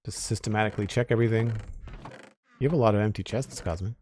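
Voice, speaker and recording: A man's voice: lowish voice, fast talker, a little hiss or hum. A man casually chatting with viewers while playing a game on a live stream, thanking followers and commenting as he goes. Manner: relaxed, chatty, reads out chat names and thanks followers.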